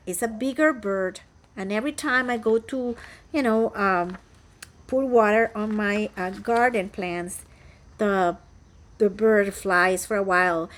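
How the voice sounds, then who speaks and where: Chatty Costa Rican woman, fairly high voice. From Costa Rica. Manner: chatty, rambling, many restarts and fillers. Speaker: flosstuber, cross-stitch vlogger. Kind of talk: casual chat to camera. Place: home, indoors.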